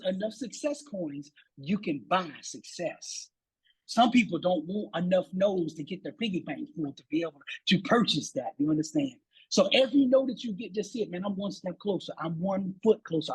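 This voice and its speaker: A man with an unusually smooth, resonant voice, telling a motivational story in an animated, preachy way. He swings his pitch up when he gets fired up and often doubles his words. He speaks like a guest on a talk show, building toward a lesson. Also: low-quality recording.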